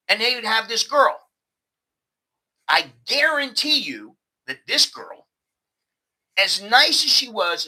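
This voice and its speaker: Bright-voiced American man vlogging. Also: a little high, low-quality recording. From United States. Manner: animated, conversational, repeats words. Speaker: host. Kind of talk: casual vlog monologue.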